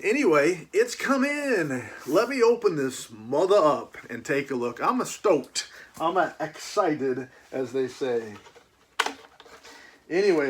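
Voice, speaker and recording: A man's voice: on the high side, slight background noise. A man hosting his book channel, chatting casually and telling rambling, folksy stories while he unboxes a package.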